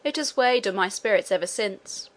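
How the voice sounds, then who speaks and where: A woman's voice: medium pitch, lively intonation, normal speed, lightly acted. A woman reading the lines of a proud, ambitious young nobleman in an audiobook, with a haughty, grandiloquent delivery. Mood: grave.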